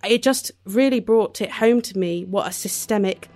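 A woman's voice: mid-range voice, moderate pace, darkish tone, soft background music. British woman co-hosting a podcast. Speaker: podcast co-host. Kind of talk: casual podcast conversation.

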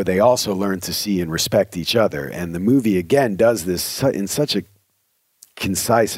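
A man's voice: sits low, slightly rough, no room sound. A man hosting a podcast, giving earnest, conversational commentary with frequent restarts. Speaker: podcast host. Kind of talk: reflective spoken commentary.

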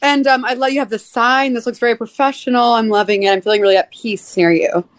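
A woman's voice: a little high, fairly even intonation, quick pace. A woman comedian chatting with a host on a live stream, playful and teasing. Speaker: comedian guest. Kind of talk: casual chat on a live stream.

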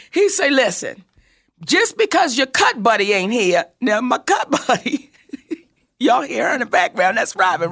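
Her voice high and gravelly, a woman shares a story from her life in casual conversation. She is animated, acting out people's lines and cursing without restraint.

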